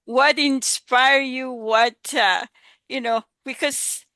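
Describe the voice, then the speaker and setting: A woman's voice: high-pitched, steady tone, slow, bright, forceful tone, no echo. A woman who is a business coach, hosting a webinar and asking long, rambling questions full of fillers. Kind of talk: hosting an interview.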